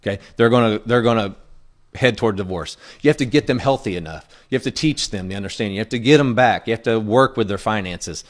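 A man's voice: lowish voice, fast. A pastor giving a conversational sermon, earnest and plainspoken, often checking in with the congregation as he teaches. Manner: frequent checking-in asides to the congregation.

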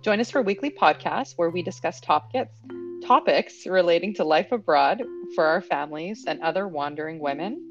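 Canadian woman, casual podcast host, lower voice, lively and frank, slightly muffled recording with faint music. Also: normal speed. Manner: lively, outspoken, laughs easily.

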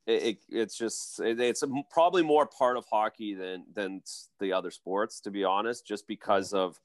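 A man's voice: fairly low pitch, normal speed, no room sound, studio quality. A man, a former hockey player guesting on a sports podcast, talking in a rambling, self-correcting way with lots of restarts. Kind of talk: casual sports podcast chat.

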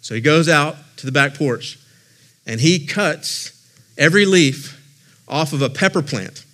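A lead pastor in his forties preaching a sermon in an expressive, conversational way, with personal stories and self-deprecating humor. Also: fairly high pitch, a little slow.

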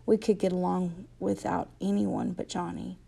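A woman's voice: lowish voice, flat delivery, normal speed, creaky, mellow, breathy edge, heavily acted. A woman reading a blunt teenage gang boy. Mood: serious. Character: wisecracking teenage gang member, turned serious.

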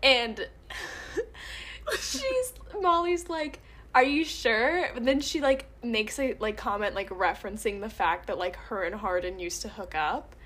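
A woman's voice: fairly high pitch, expressive, takes it slowly, a bit bright. Giggly young woman recapping a movie. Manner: chatty, giggly, lots of fillers. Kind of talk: casual movie recap chat.

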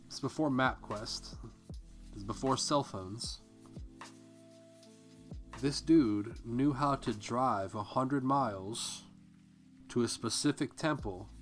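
A man's voice: mid-range voice, a bit bright. A man hosting a podcast, reading a memoir aloud in a casual way and breaking off to comment on it. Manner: conversational, breaks off to comment and curse. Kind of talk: casual read-aloud with personal asides.

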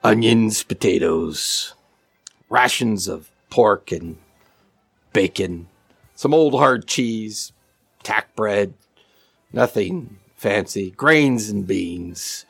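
A man's voice: fairly low pitch, expressive, drawn-out words, vocal fry, long pauses, fairly bright tone, husky, no echo, exaggerated voice. A man voicing a timid, apologetic male hobgoblin cook who stammers and calls everyone sir. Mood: nervous, apologetic. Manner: stammering, servile, keeps saying sir.

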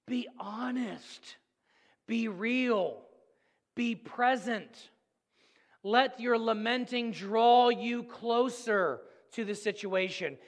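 A man preaching a sermon as pastor, earnest and storytelling, swinging between loud and hushed. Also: high-pitched, takes it slowly, in a large hall.

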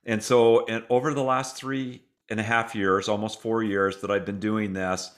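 A man's voice: lowish voice, flat delivery, moderate pace. A middle-aged man who is a guest author, telling his story in an interview in an earnest, heartfelt way. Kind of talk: interview conversation.

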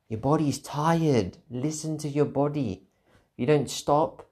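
A man's voice: fairly high pitch, takes it slowly, a little mellow. A tired man hosting a podcast alone, talking candidly and reflectively in a rambling way, repeating phrases for emphasis. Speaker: podcast host. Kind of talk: reflective solo monologue.

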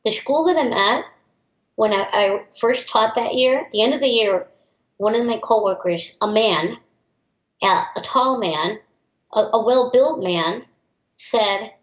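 An emphatic young woman from the United States, a teacher, answering interview questions in a fairly high voice. She talks with conviction and speaks up plainly. The recording is roomy and a little muffled. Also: measured pace. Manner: outspoken and emphatic, acts out others' voices. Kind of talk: interview answers, personal storytelling. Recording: roomy, slightly dull recording.

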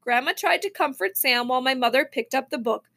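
High-voiced woman reading a children's book. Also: fairly quick. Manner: expressive, with small slips and restarts. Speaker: reader. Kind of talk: reading a children's novel aloud.

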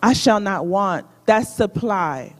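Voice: medium pitch, expressive, slow, fairly bright tone. A preacher delivering a sermon in a church sanctuary, speaking to in-person and online listeners and often asking the congregation to repeat lines back in call-and-response. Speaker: guest preacher. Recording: long hall reverb of a sanctuary.

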